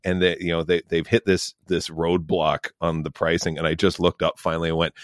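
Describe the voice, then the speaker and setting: A man's voice: low voice, brisk, no room sound, studio quality. A man co-hosting a podcast, telling loose, rambling anecdotes in casual chat. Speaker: podcast co-host.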